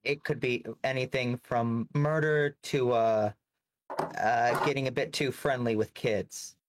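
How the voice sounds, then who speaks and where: A man voicing a thug from organized crime who talks in halting broken English in a tabletop game. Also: mid-range voice, fairly even intonation, a bit bright, voice pushed up, natural voice. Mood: deadpan. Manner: slow, halting, hesitant. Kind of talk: role-play in a tabletop game.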